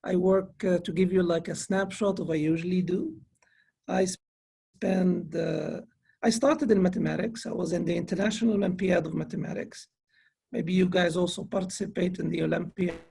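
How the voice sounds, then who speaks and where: A man's voice: high-pitched, steady tone, normal speed, vocal fry, mellow, slightly rough. A man, a finance professor, giving an earnest conference lecture to students, often restarting his sentences. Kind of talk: conference presentation. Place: online conference.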